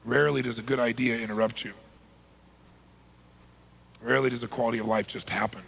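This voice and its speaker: A middle-aged man, a motivational speaker, telling a story emphatically, swinging from loud bursts to hushed lines. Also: mid-range voice, steady tone, brisk, creaky, breathy edge.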